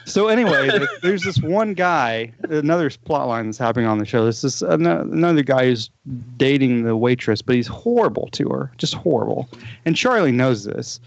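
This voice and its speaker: A man's voice: mid-range voice, expressive, moderate pace, creaky, no echo. A man in easy podcast chat, winding through a long story with plenty of "uh"s and false starts. His voice sits mid-range, and the recording is close, dry and a bit dull. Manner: rambling, retells plots with many fillers and restarts. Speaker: podcast co-host. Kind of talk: casual movie podcast chat.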